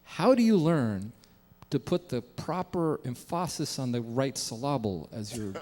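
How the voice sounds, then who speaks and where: A man's voice: medium pitch, expressive, unhurried, darkish tone. A man hosting a live radio show, enthusiastic and folksy, addressing his radio audience. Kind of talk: live broadcast interview. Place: concert stage before a live audience. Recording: long hall reverb, audience around.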